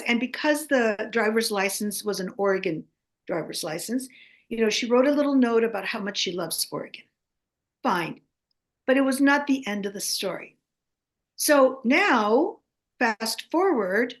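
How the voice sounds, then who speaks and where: An older woman from the United States in her seventies, an author and guest telling stories in an animated way and often checking in with "okay?". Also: a little high, a little slow. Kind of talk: animated anecdotal storytelling.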